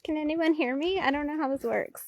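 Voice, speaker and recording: A woman's voice: high voice, brisk, a little mellow, highs cut off, slight background noise. A woman on a live stream from a mountain trail, out of breath from walking uphill, chatting casually and using baby talk with her dogs. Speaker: dog owner vlogger. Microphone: phone held selfie style.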